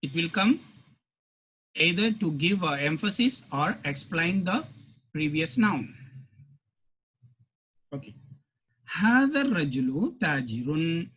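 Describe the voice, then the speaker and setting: Male Arabic teacher, slow and patient, slightly husky, repeats lines for students. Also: a little high, animated, a bit bright. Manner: slow, repeats phrases, reads Arabic then translates. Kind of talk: grammar lesson.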